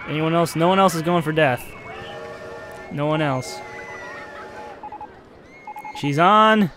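Male streamer, high-ish voice, casual play-by-play, easily exasperated, light background noise. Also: slow pace. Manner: excitable, swings from chatty narration to exasperated outbursts. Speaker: streamer playing a park-building game. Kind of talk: casual gameplay commentary.

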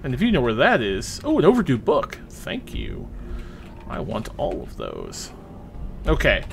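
A young man casually commenting on his gameplay, chatty and excitable, swearing freely as he plays. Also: mid-range voice, a little slow, creaky, music in the background. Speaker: let's play host.

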